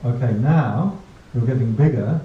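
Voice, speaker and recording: A man's voice: mid-range voice, measured pace, close to an everyday voice. A man voicing a strict parent who firmly lays down rules to a growing child. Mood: stern. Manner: firm, lecturing. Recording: dull distant roomy recording.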